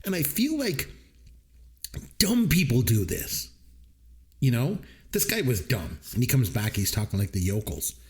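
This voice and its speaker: With a mid-range voice, a slightly slow pace, and long pauses, a middle-aged Canadian podcast co-host chats casually about a movie. He tells stories with animation, performing quotes in different voices.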